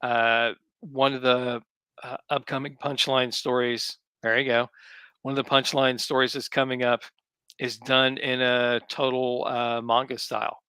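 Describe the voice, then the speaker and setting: A man's voice: mid-range voice, flat delivery, measured pace, sharp tone, clear, resonant tone, dry recording. A man, a comics writer, talking easily as a guest in a casual interview, thinking aloud as he goes. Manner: easygoing, thinks aloud with ums.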